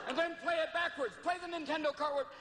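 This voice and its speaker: A hoarse man doing a manic stand-up comedy routine, shouting and jumping between voices. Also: very high voice, steady tone, fairly quick. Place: live comedy venue with audience. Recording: roomy live recording with loud crowd. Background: loud crowd noise and laughter.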